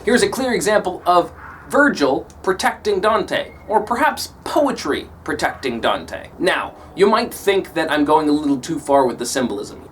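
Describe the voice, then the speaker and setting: Animated male teacher lecturing. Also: on the high side, normal speed. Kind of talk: recorded literature lesson. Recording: distant mic, faint background noise.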